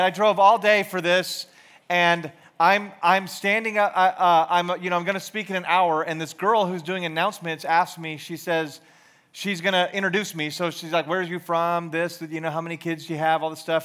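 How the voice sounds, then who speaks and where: Guy in his 40s giving a chatty sermon, kinda high voice, lots of ums and restarts, pokes fun at himself. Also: a bit bright. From Georgia, US. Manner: rambling, self-deprecating, many fillers and restarts. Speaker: youth ministry speaker. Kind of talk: casual sermon with storytelling.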